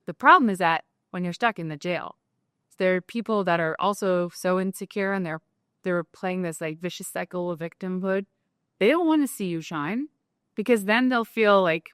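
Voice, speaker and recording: A woman guest on an interview show, talking in a casual, animated way with lots of "like" fillers. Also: fairly low pitch, normal speed, clear, resonant tone, dry recording, studio quality. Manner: animated, talkative, many "like" fillers. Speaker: guest entrepreneur.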